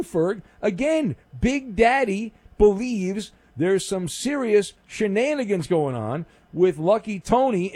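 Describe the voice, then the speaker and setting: A man's voice: high voice, darkish tone, no room sound. A male radio talk show host, sarcastic and rambling with lots of fillers, taking calls in a studio. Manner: sarcastic, mock-stern, rambling with many fillers. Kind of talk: casual call-in radio talk. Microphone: studio mic.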